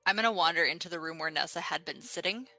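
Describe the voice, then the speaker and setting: A woman's voice: sits low, fast, bright, forceful tone, no room sound, faint music behind. A woman playing a tabletop game, easygoing and giggly. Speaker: player. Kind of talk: casual tabletop game play.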